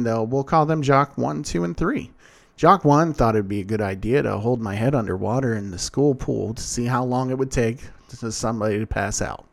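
A man's voice: medium pitch, creaky. A man reading a first-person story aloud in a dry, sardonic and blunt manner. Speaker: narrator.

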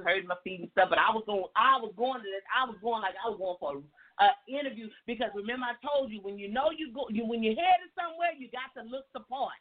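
A woman life coach telling an animated faith testimony in a folksy, preachy way, repeating words for emphasis. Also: medium pitch. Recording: tinny phone-like sound, faint music.

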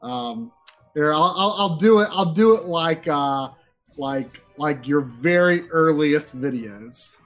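A man's voice: a little high, takes it slowly, soft background music. A man with a faded Southern US accent chatting casually on a stream, often repeating words as he talks. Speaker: co-host.

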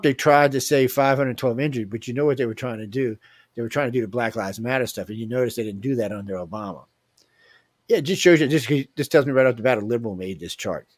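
Blunt talk-show host, male, animated, recorded close with no room sound. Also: medium pitch, no room sound. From Southern US. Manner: animated, blunt, swings loud and soft. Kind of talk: casual talk show chat.

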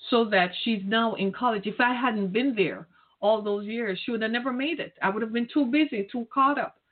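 A middle-aged woman speaking earnestly and directly to caregivers, repeating her key phrases as she urges and encourages them. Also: medium pitch. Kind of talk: heartfelt direct-address talk. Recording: tinny phone-like line.

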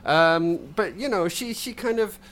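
A man with a Scottish accent chatting casually on a podcast, self-deprecating and quick to laugh, with lots of restarts. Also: sits high, a bit bright, a little hiss or hum. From Scotland. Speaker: podcast co-host.

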